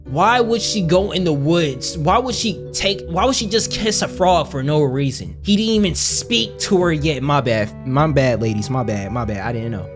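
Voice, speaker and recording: Excitable, slangy male gamer, animated commentary. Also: a little high, normal speed, hardly any pauses, over music. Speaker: gamer reacting to a puzzle game. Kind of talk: comedic let's-play commentary.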